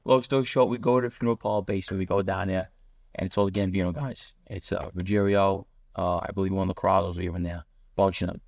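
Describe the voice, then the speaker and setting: A man's voice: low voice, steady tone, vocal fry, darkish tone, dry recording. A man, telling blunt street stories as a podcast guest. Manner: rapid, blunt street storytelling, voicing other people in quotes. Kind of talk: storytelling in a podcast interview.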